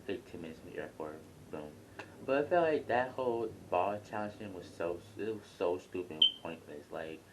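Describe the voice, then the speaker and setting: A young man casually reviewing a reality show, talking in a rambling, blunt, chatty way from his home near an airport. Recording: faint airplane rumble behind.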